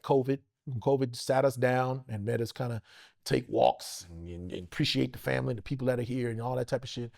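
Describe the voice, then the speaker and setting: Animated gravelly middle-aged man. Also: medium pitch. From Los Angeles. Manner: animated, profane, acts out quoted voices. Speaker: actor guest. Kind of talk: casual interview storytelling.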